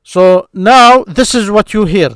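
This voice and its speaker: A man's voice: high voice, fairly bright tone, clear, resonant tone, no room sound, studio quality. A man teaching an Arabic grammar lesson, speaking patiently and sounding out syllables again and again. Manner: slow, patient, repeats syllables aloud. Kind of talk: screen-share grammar lesson.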